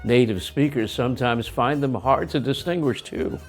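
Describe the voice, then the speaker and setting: A man's voice: medium pitch, normal speed, faint music behind. A man with an American accent teaching English pronunciation in a scripted lesson, explaining plainly. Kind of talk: scripted lesson with acted skits.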